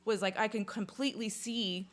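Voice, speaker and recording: A woman in casual conversation, telling a personal story in a lively, chatty way, with lots of "like" and some swearing. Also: medium pitch, moderate pace. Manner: chatty, full of "like", swears freely; lively retelling, acts out sounds and inner voices. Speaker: podcast guest.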